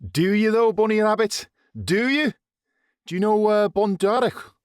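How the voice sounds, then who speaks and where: A man voicing a brash, leering young male soldier, loud and crude. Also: high-pitched, a little slow, clear, resonant tone, dry recording, clean studio sound, pitched above the performer's own voice. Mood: goading.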